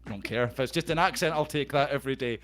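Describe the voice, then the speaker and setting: A man's voice: medium pitch, racing, a bit bright. A middle-aged man with a Scottish accent hosting a live stream on a video call. He banters casually and reads out viewer comments, swearing freely.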